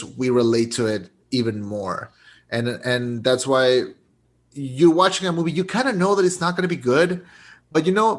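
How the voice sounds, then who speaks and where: A young man chatting loosely about a film on a podcast. His voice sits a little high, and he talks in loose, restarting bursts, laughing as he goes. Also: fairly bright tone. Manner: rambling, restarts, laughs often. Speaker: podcast co-host. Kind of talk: casual movie review chat.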